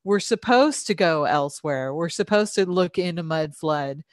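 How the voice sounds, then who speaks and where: A woman's voice: low-pitched, moderate pace, no room sound, clean studio sound. An American woman hosting a casual online chat, full of fillers and easy laughter. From United States. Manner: filler-heavy, hesitant, laughs easily. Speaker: live stream host.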